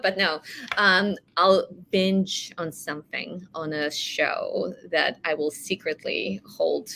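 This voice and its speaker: Woman, interview guest, bright tone, slightly low pitch, thoughtful and laughing. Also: a little slow, slight background noise. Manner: thoughtful, laughing, rambling answers. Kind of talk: casual interview answers.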